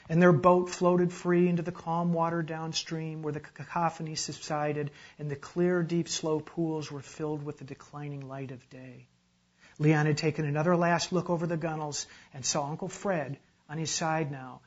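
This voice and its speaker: A man reading a literary story aloud in a measured, dramatic narration. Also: on the high side. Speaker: reader. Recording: dull lo-fi recording.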